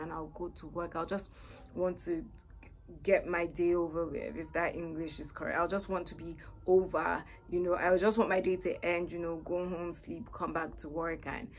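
A woman's voice: lowish voice, a little hiss or hum. A woman sharing a personal faith testimony in an earnest, repetitive way. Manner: earnest, repeats herself with many "you know"s.

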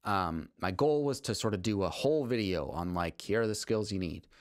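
A man with a fairly low voice talks through a music lesson in a loose, rambling way, circling back and restarting his sentences. He sounds enthusiastic about the subject. The sound is dry and close, with no room echo. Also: expressive, moderate pace. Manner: rambling, with frequent restarts and fillers. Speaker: composer teaching on a video channel. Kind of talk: casual spoken lesson.

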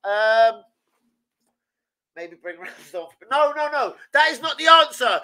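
Sweary ranting football fan host. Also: male voice, extremely high pitch, lively intonation, normal speed, poor audio. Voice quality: sweary, loud and ranting, swings from shouting to muttering. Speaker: watch-along stream host. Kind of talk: heated football fan rant.

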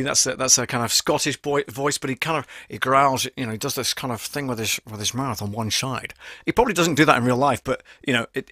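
A man hosts a casual voice-acting live stream from a home studio, talking in a rambling, chatty way with plenty of fillers. His voice sits at an ordinary pitch and sounds close and dry, with no room around it. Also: sharp tone, no room sound. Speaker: voice actor hosting a live stream.

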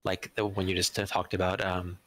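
A man guest in a casual chat who talks in a dry, monotone way. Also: low-pitched, a little fast.

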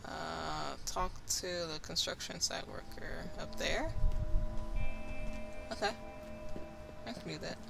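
A gameplay commentator in casual let's-play talk who reads game dialogue aloud and gets loud and excited in fights. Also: mid-range voice, slow, vocal fry, long pauses. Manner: reads on-screen text aloud, breaks into excited yelling during fights. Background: loud game music.

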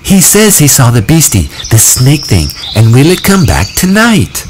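A man's voice: mid-range voice, huge pitch swings, a little slow, a little hiss or hum, voice pushed up. A man voicing an anxious, earnest boy who insistently relays a frightened child's words in a storybook reading.

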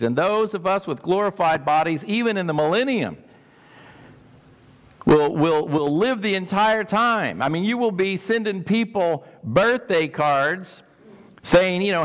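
A man's voice: sits high, lively intonation, a little slow, long reverb tail. A man preaching a sermon as pastor, emphatic, repeating words and putting questions to his congregation.

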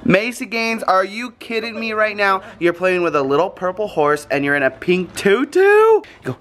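A man's voice: high-pitched, sing-song, normal speed, a bit bright. A man chatting casually and playfully to the camera while vlogging his family beach trip. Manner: playful, chatty, laughs often. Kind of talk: casual vlog chat. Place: beach house and beach, outdoors. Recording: noisy outdoor recording.

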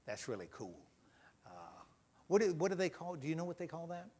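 A man's voice: fairly high pitch, big pitch swings, fairly quick, husky. Folksy man chatting with kids. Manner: gentle, questioning, folksy. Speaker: pastor leading a children's message. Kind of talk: friendly talk with children in church. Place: church sanctuary.

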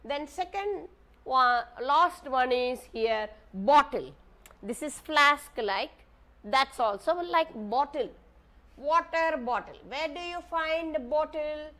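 A woman's voice: high voice, expressive, slow pace, a bit bright. A woman with an Indian English accent, teaching a maths lesson to young children, patiently asking questions and spelling words out letter by letter. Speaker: primary school teacher.

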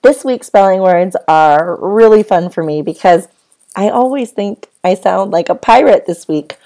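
A woman teaching a phonics lesson to first graders, speaking slowly and clearly and talking as if the children are answering her. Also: medium pitch, lively intonation, warm tone. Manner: slow, clear, patient teacher voice with drawn-out words.

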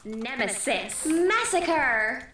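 A woman's voice: high voice, big pitch swings, extremely slow, distant mic, noisy background, exaggerated voice. A woman voicing a female game announcer who calls out in-game events. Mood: announcing. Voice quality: announcer-like, declarative. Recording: roomy game audio over music.

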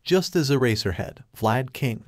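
A man narrating a fan-fiction story aloud in a steady, even reading voice. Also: medium pitch, measured pace, dry recording, clean studio sound.

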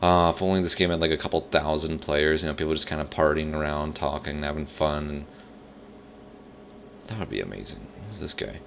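A man's voice: a bass voice, brisk, vocal fry, a little hiss or hum. A man giving casual gameplay commentary, rambling and unsure of himself as he thinks aloud. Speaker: let's play host. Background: faint game music.

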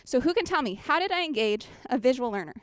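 A woman's voice: high voice, lively intonation, fast, dry recording. A woman presenting a children's ministry workshop, chatty and engaging, often checking in with her audience on a handheld mic. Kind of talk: workshop teaching. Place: conference workshop room.

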